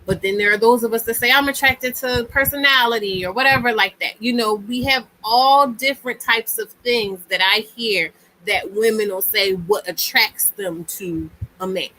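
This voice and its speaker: A woman's voice: medium pitch, steady tone, normal speed, sharp tone, low-quality recording. A woman hosting a casual live-stream talk, speaking in a chatty, emphatic way and often repeating herself. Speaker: host.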